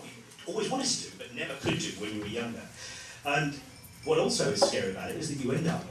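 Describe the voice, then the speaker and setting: A British man in his forties doing a self-deprecating stand-up set in a comedy club, with sudden high comic bursts. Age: 40s. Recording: roomy, distant, noisy club.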